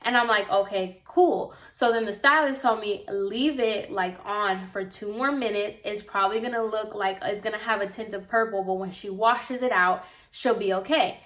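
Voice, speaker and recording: A young woman vlogger and apprentice hairstylist telling a casual story, talking fast and loose with lots of "like", sounding exasperated. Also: medium pitch, fairly bright tone. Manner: chatty, exasperated, heavy use of "like".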